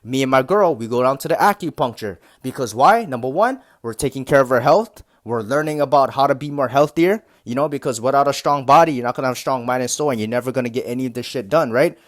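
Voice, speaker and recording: A man's voice: medium pitch, fast talker, hardly any pauses. A young man giving relationship advice in a casual monologue, blunt and full of swearing, with frequent filler phrases and mocking asides. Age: young adult. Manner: heavy use of filler phrases. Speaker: motivational content creator.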